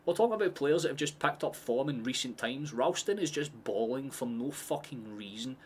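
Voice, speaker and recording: Calling a match live on his watchalong stream, a sweary Scottish man keeps things casual, excitable, and full of chatty asides. He speaks at normal speed in a mid-range voice, with a little hiss or hum on the recording.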